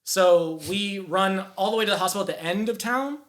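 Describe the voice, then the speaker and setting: Young male podcast guest, rambling storyteller, a bit high-pitched, loose and profane. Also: brisk, fairly bright tone. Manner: rambling, filler-heavy, swears. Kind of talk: casual storytelling.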